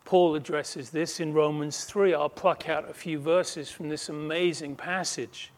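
Male preacher, high-pitched and unhurried; emphatic sermon delivery with hushed asides. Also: fairly even intonation. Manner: emphatic, swings between loud declaring and quiet asides; slow, measured delivery with quoted voices acted out.

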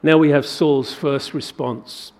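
A man preaching a sermon, working through a scripture passage with animated rhetorical questions. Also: on the high side, slow pace. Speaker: pastor.

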